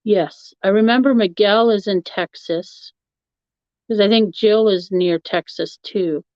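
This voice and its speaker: Woman, live-stream host, easygoing rambler, unhurried delivery, dry lo-fi home recording. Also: medium pitch, darkish tone, no echo. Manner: chatty, rambling, laughs often. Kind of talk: casual chat answering a live chat. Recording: dull, lo-fi, dry sound.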